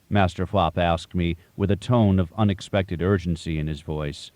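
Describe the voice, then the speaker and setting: A man narrating a first-person audiobook in a measured, storytelling way. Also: low voice, fairly even intonation, a little mellow, dry recording.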